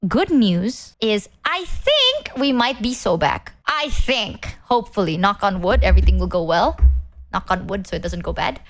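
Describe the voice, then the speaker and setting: A woman's voice: mid-range voice, very animated, normal speed, soft background music. A woman VTuber chatting casually to her stream, rambling and swearing freely. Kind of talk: casual live-stream chat.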